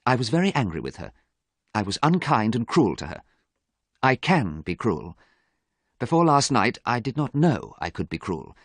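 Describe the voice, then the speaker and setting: A man's voice: mid-range voice, big pitch swings, normal speed, dry recording, voice pushed up. A man doing an earnest troubled young man.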